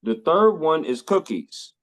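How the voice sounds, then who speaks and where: Animated podcast host. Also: male voice, on the high side, a little slow, creaky. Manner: playful, expressive, folksy exclamations. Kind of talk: casual interview chat.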